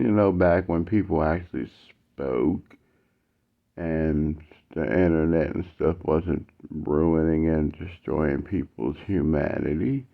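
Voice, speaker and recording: A man casually telling a personal story in animated, slangy speech, acting out the dialogue. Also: low-pitched, slow pace, vocal fry. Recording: tinny phone-like audio.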